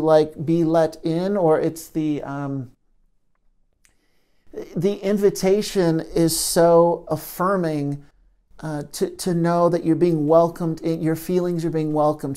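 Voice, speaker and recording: Male therapist, mellow tone, reflective teaching talk, gentle pauses. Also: sits high, clean tone. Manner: gentle, thoughtful, with frequent pauses and restarts.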